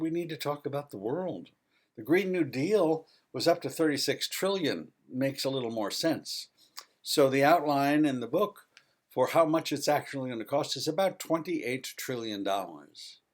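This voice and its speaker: A man presenting his book in a spoken video lecture, reading out a list with emphatic, wry asides. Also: medium pitch.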